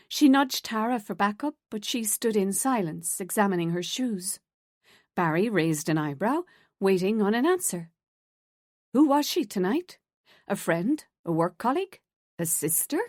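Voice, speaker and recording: A woman reads a suspense novel aloud in a steady, mid-pitched voice. The recording is close and very dry. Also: no echo. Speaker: audiobook narrator. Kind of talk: scripted narration.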